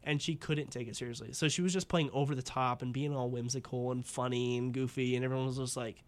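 A man's voice: medium pitch, steady tone, fast. A man hosting a casual chat, rambling with lots of fillers and laughing often. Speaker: podcast host.

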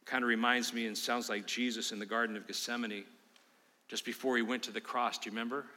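A male pastor preaching a sermon to his congregation, emphatic and swinging between loud calls and hushed appeals. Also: medium pitch, little pitch movement, fast. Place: church sanctuary. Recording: reverberant church hall.

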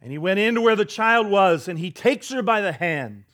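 A man's voice: high-pitched, animated, moderate pace. A man preaching a sermon as pastor, telling the story dramatically and drawing the congregation in. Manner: dramatic storytelling, drops to a hush for quoted words; leads the congregation in call-and-response.

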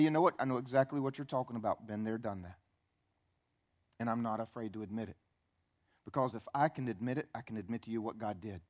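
A man preaching a church sermon, swinging between quiet, intimate asides and loud, emphatic peaks. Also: high voice. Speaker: pastor. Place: church sanctuary.

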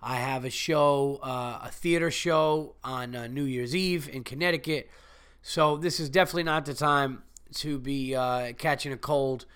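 A man's voice: medium pitch, steady tone, normal speed, fairly bright tone, smooth. A man with a cold hosting his own podcast, talking in a rambling, profane, chatty way. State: sick with a cold. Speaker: podcast host and comedian. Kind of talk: casual solo podcast monologue.

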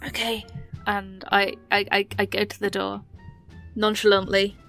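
A woman's voice: medium pitch, completely flat delivery, measured pace, vocal fry, fairly bright tone. A woman playing a tabletop role-playing game, speaking in character in a playful, hesitant way with many restarts. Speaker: player. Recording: long reverb, faint music behind.

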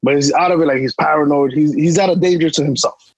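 Husky-voiced New man telling a story. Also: on the high side, fast talker, no echo, poor audio. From New York. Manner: emphatic, repetitive street slang. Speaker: podcast co-host. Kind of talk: casual storytelling chat.

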